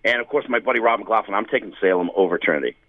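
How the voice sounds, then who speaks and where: A man's voice: fairly low pitch, very fast, no room sound, narrow, tinny audio. A man co-hosting a sports podcast, chatting casually and rambling through game picks. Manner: rambling, lively, laughs often. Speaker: podcast co-host picking games.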